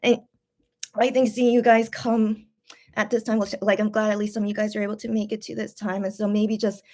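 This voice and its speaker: A woman's voice: mid-range voice, little pitch movement, brisk, dark tone. Emotional rambling woman on a late-night stream. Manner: rambling, repeats words, many fillers. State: emotional, near tears. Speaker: fan channel host. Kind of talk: late-night livestream chat.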